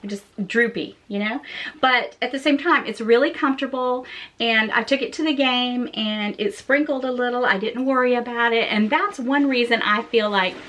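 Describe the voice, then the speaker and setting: A woman's voice: on the high side, moderate pace, a bit bright. A woman chatting casually as she reviews her backpacks for her channel, friendly and full of fillers. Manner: chatty, confiding, lots of fillers. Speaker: fashion vlogger.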